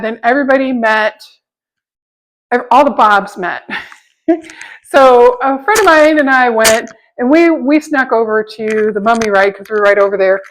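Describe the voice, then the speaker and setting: A middle-aged woman talks to her camera in a loose, rambling vlog, laughing often as she tells her stories. Her voice sits high and bright. She slips into other people's voices when she quotes them. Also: rough recording. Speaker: vlogger. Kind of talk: casual storytelling vlog.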